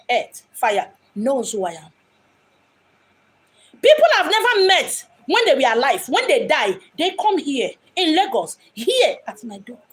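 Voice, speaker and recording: A woman from Abia State in Nigeria with a Nigerian accent, a spiritual medium speaking in an impassioned, dramatic monologue. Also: sits high. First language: Igbo. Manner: dramatic, acts out quoted voices. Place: home in Lagos.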